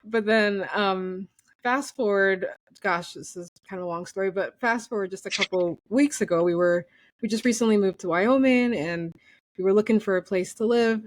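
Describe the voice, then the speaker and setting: A woman's voice: mid-range voice, normal speed, no room sound. A woman interviewing a guest, sharing her own story in a chatty way and laughing between phrases. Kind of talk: casual conversation.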